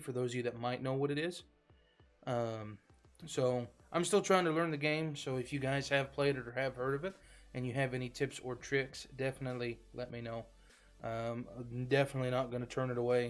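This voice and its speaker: A man streaming a game live, chatting casually to viewers in a rambling, filler-heavy way. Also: mid-range voice. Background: faint background music.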